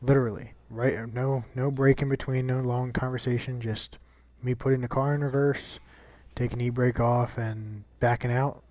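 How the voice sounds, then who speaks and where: A man's voice: medium pitch, level tone, moderate pace, few pauses, a little mellow, dry recording. A young man chatting casually over gameplay, rambling and swearing with lots of restarts. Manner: rambling and profane, many restarts.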